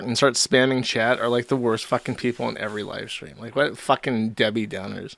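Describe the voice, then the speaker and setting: A man's voice: medium pitch, fairly quick, gravelly, pushed and bright, no room sound. Dry-voiced sardonic male host. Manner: sardonic, mocking, laughs often. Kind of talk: casual commentary on clips.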